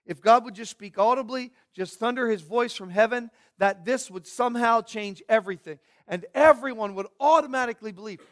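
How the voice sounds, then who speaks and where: Male pastor, higher voice, dynamic sermon delivery from hushed to booming. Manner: dynamic preaching, swinging from hushed to loud and emphatic.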